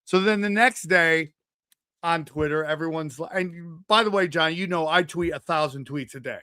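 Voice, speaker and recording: A man's voice: a little high, normal speed, clean tone, dry recording, clean studio sound. A man hosting a podcast, telling a rambling, profane story in casual chat and acting out other people's lines. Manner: animated, acts out quotes in changing voices. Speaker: podcast host.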